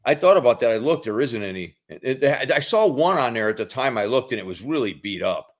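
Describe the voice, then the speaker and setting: A man's voice: medium pitch, very animated, fairly quick. A man in a casual podcast chat, laid-back but emphatic when he talks about his worries.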